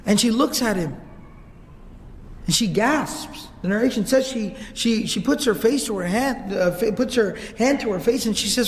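Brief: animated male preacher, high voice, long reverb of a mosque hall. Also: normal speed. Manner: animated, repeats words while searching. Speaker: religious lecturer. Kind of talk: storytelling sermon. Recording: reverberant hall, faint ambience.

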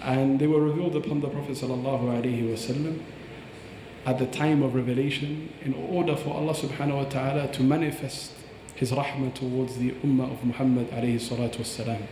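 A man's voice: medium pitch, fairly even intonation, quick pace, noisy background. A man explaining Quran recitation on a podcast, breaking into recited Arabic phrases as he teaches. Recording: echoey hall with long reverb.

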